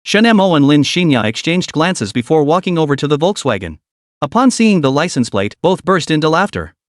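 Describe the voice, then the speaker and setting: Lively male story narrator. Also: a little high, fairly quick, no echo, studio quality.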